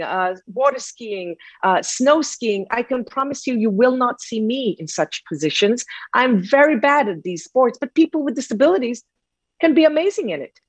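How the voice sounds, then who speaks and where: A woman's voice: fairly high pitch, dry recording. Earnest woman giving a presentation. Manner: earnest, with frequent fillers and restarts. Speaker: conference speaker on inclusive employment. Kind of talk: presentation talk.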